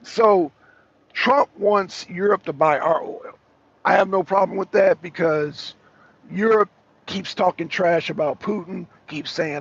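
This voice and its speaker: This political talk show host has a high-pitched voice that's gravelly, husky and a bit bright, and he speaks at a measured pace. Talking emphatically with a caller, he restarts sentences and repeats himself often, all on dull lo-fi audio.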